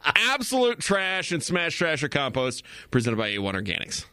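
A man's voice: fairly high pitch, huge pitch swings, moderate pace, pushed and bright, slight background noise. Laughing male morning radio co-host. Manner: laughs often, reads listener texts. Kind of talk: casual radio banter. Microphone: studio microphone.

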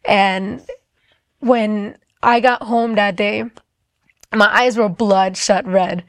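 A woman's voice: mid-range voice, fairly even intonation, slow pace, no echo. A young woman telling a personal testimony in a casual way, with lots of "like" fillers. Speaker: storyteller.

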